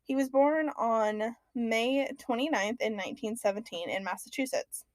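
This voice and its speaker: A woman's voice: a little high, normal speed, dry recording. A young woman hosting a casual podcast, chatty and loose, with frequent ums and casual swearing. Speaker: podcast host.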